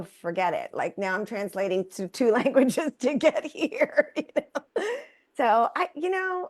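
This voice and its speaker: A woman in her fifties whose first language is Spanish, chatting on a podcast with a lively, self-mocking humor and frequent laughter. Her voice sits at an ordinary middle pitch. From Texas. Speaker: co-host. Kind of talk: casual podcast chat.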